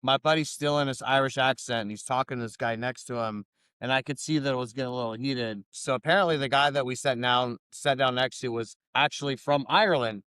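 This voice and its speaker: A man co-hosting a casual podcast, telling a story in a laid-back, profane way and dropping low for his asides. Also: fairly even intonation, fairly quick, fairly bright tone, clear, resonant tone, no room sound, studio quality. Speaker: podcast co-host.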